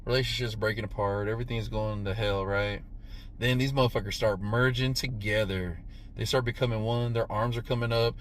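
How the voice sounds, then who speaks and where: A man in his thirties giving a casual, profane movie review, punctuating the retelling with "boom" sound effects and "right?" after nearly every line. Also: brisk, slight background noise. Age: 30s. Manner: animated, profane, says "right?" constantly.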